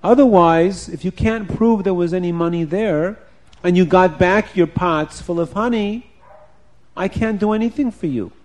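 A man voicing a fair-minded king who speaks in a calm, measured way. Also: high-pitched, voice pushed up, natural voice. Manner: measured, reasoning.

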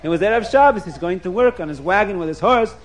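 Brief: male storyteller, high voice, lively anecdote delivery with frequent chuckles. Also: fast talker, slight background noise. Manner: lively, chuckling often, repeats words. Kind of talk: animated storytelling.

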